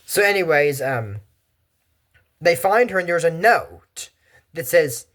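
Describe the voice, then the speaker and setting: A young man from Texas recaps an anime in a casual, rambling commentary, speaking slowly in a fairly high voice with frequent pauses. As the show's commentary host he's chatty and digressive, full of animated asides.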